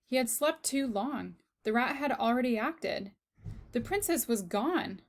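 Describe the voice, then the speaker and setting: Slow, expressive woman reading a children's novel. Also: fairly high pitch. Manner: slow, expressive storytelling that addresses the reader. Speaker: teacher reading aloud to a class.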